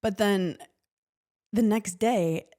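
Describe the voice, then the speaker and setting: A woman's voice: mid-range voice, slow pace. A woman, co-hosting a podcast and telling funny stories in a casual chat, often laughing. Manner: animated storytelling with frequent laughter. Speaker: podcast co-host.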